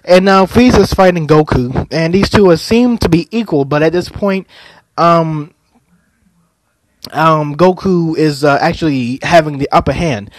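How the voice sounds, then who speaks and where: A man's voice: on the high side, measured pace, no room sound. Hesitant young man recapping an anime. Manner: hesitant, many fillers and restarts. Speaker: anime reviewer. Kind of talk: casual plot recap.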